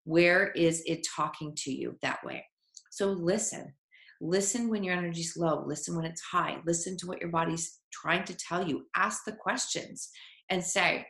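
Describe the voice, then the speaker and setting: A woman's voice: lowish voice, fairly bright tone. A woman giving an earnest, encouraging motivational talk as a life coach, sometimes voicing an inner voice. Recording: echoey room.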